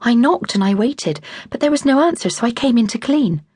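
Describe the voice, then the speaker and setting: A woman reads as a young mother who apologises in a fluster in an audiobook. The voice is husky and a touch low, recorded close and dry. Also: animated, normal speed, no echo.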